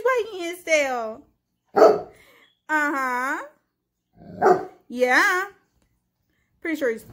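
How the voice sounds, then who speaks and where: A woman's voice: high-pitched, animated, takes it slowly, long pauses, sharp tone, a little hiss or hum. A woman vlogging at home, talking playfully to her dog and her viewers, hyper and exclaiming, filmed on a handheld phone. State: hyper from coffee. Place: at home indoors.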